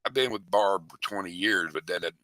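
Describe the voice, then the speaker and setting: A man's voice: low-pitched, brisk, bright, forceful tone, no room sound. An older man telling rambling, folksy, profane stories in a casual interview. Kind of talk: casual storytelling.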